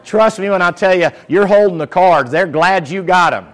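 A man's voice: high voice, normal speed, a bit bright. A man preaching a sermon, moving from folksy storytelling to fervent exhortation.

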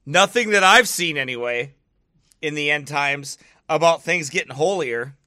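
A man with a very bright, edgy voice, sitting a little high for a man, talking in a rambling, sarcastic monologue. He keeps drifting from quiet asides into loud, preachy bursts. The sound is dry and close, with no room around it. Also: expressive, measured pace, no room sound. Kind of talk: casual monologue to camera.

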